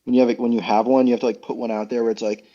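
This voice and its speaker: A man's voice: mid-range voice, flat delivery, rapid-fire, mellow, muffled recording. Rambling young man telling stories. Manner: rambling, self-amused, lots of fillers and restarts. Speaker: podcast guest. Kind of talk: casual storytelling chat.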